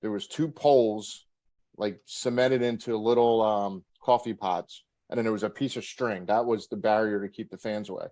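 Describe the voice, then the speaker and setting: In a casual interview, a middle-aged man who used to wrestle recounts backstage anecdotes, laughing and acting out what people said. His voice is lowish, steady, and mellow, at a normal speed.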